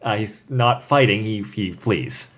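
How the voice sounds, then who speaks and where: A man's voice: on the low side, slow, a bit bright. A man co-hosting a casual podcast, summarizing a story with hesitant restarts and fillers. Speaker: podcast co-host. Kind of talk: casual podcast chat about fanfiction.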